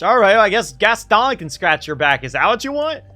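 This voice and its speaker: A man streaming a game playthrough, excitable, laughing often and quipping at the characters. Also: high voice, moderate pace, soft background music.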